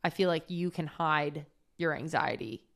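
A woman's voice: low voice, a little slow, a bit bright. A woman co-hosting a podcast in playful casual chat, laughing and swearing easily. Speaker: podcast co-host.

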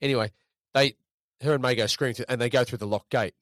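A fast-talking man recalls film scenes in a casual review chat. He rambles and restarts his sentences. The sound is close and dry. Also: medium pitch, steady tone, no room sound. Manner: rambling, repeats words. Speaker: podcast co-host.

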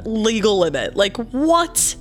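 Her voice is a little high, swinging widely in pitch, as she co-hosts a casual true-crime podcast. She counts down odd crime stories, reacting playfully and quickly with teasing, and faint music sits behind her.

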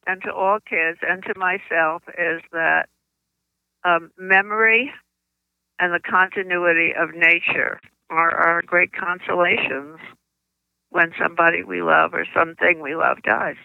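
An older woman, a children's book author, telling stories in an interview, with halting speech and frequent restarts, on slightly muffled lo-fi audio. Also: on the low side, fairly even intonation, vocal fry, clean tone, no room sound. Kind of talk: conversational interview storytelling.

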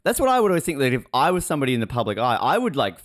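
Animated male co-host, middle pitch, teasing and quick to laugh. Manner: playful, laughs often, mock-reads headlines. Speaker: podcast host. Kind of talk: casual interview chat.

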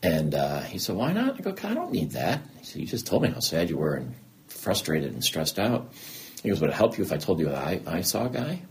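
A man's voice: a bass voice, animated, brisk. A middle-aged man speaking earnestly as an interview guest, acting out past conversations as he tells them. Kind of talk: candid conversation.

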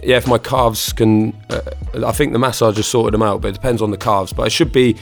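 A man's voice: on the low side, fairly even intonation, a little fast, vocal fry, faint music behind. A man co-hosting a podcast, bantering and plugging the show in an upbeat way. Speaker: podcast co-host. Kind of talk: casual chat.

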